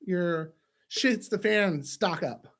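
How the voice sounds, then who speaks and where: A man hosting a casual live-stream chat, jokey and animated and given to breaking into silly voices. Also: sits high, takes it slowly. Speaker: host.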